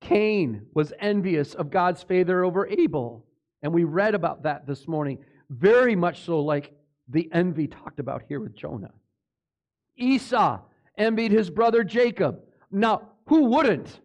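High-pitched, animated male preacher. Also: unhurried. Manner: emphatic preaching with rhetorical questions; stumbles and corrects himself. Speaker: pastor. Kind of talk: sermon.

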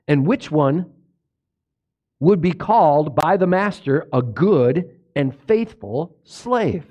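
Animated man preaching with wide pitch swings. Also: slow, lo-fi sound. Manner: animated, swings from low and hushed to loud exclamations; asks the congregation questions. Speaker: pastor. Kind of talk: sermon.

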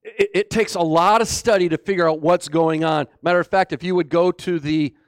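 Male pastor, high voice, slow dramatic preaching, dry close sound. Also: fairly even intonation, clear, resonant tone, no echo. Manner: dramatic, swings between booming and hushed. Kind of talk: sermon.

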